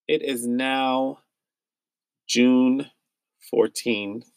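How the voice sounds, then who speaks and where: A man's voice: medium pitch, a little slow, gravelly, long pauses, no echo. A young man from the United States hosting a solo podcast, speaking with raw pain and anger, repeating himself as he vents. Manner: emotional, repetitive, pained and angry. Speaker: podcast host.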